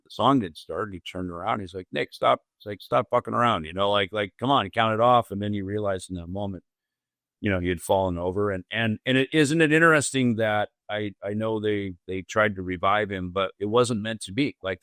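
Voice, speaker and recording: A man's voice: fairly low pitch, brisk, a bit bright, dry recording. A man hosting a podcast, recounting a memory in a loose, rambling way full of "you know" asides. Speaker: podcast host. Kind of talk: casual conversational storytelling.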